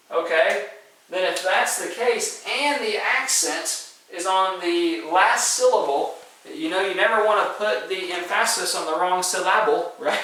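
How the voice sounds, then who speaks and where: A man's voice: high voice, fairly bright tone. Man teaching in a very echoey room. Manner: patient, explains step by step with frequent "okay?" and "right?" checks. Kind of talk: spelling lesson to students. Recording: very echoey room, voice from far off the mic.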